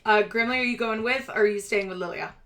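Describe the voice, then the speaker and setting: A woman running a tabletop game as game master, describing scenes slowly and deliberately. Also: medium pitch, fairly bright tone.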